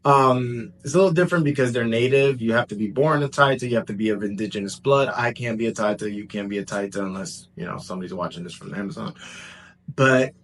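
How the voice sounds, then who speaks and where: A man telling a personal story in a casual, animated way, jumping between excited bursts and hushed asides. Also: fairly low pitch, quick pace. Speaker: vlogger.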